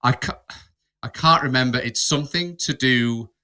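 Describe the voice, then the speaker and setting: A man's voice: medium pitch, moderate pace, bright, forceful tone, clean tone. A man hosting a podcast in casual chat, reading out would-you-rather questions and laughing often. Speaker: podcast host.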